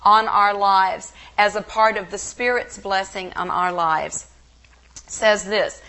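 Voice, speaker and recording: A woman Bible teacher giving a slow, measured devotional teaching on a scriptural blessing. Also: mid-range voice, a bit bright. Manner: slow, measured, reverent delivery.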